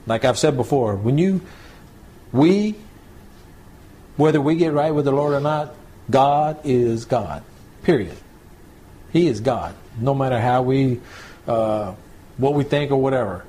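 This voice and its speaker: A male pastor giving a conversational Bible teaching, checking in with listeners and slowing down to read scripture aloud. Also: medium pitch, animated, dark tone. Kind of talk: home church Bible teaching.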